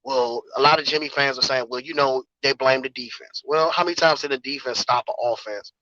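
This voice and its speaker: A man's voice: mid-range voice, a little fast, pushed and bright, muffled recording. A man calling in to a sports show, casual and earnest, building a critical argument. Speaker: caller. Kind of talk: casual sports call-in talk.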